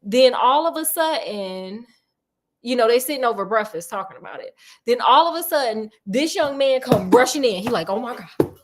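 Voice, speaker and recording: A woman's voice: a little high, lively intonation, normal speed. Chatty woman retelling a classic tale. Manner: chatty, slangy and digressive. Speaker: storytelling host. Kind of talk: casual retelling of a classic story.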